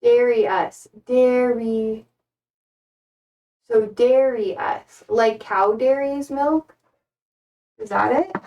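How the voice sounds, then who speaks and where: A woman's voice: on the high side, very slow, long pauses, distant mic, lo-fi sound. A young American woman chatting casually with her stream while repotting plants, rambling and self-deprecating. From United States.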